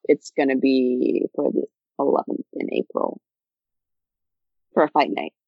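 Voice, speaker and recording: A young woman co-hosting a podcast speaks in a very deep, gravelly voice with wildly swooping pitch, taking her time. Laid-back and joking, she swears casually in the chat, and the dry, lo-fi recording sounds dull with no echo.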